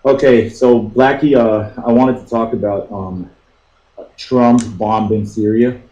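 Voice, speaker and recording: A man's voice: medium pitch, steady tone, takes it slowly, mellow. Hesitant male caller on a dull echoey line. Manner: hesitant, frustrated, many fillers. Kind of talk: casual call-in talk. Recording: dull, echoey call audio.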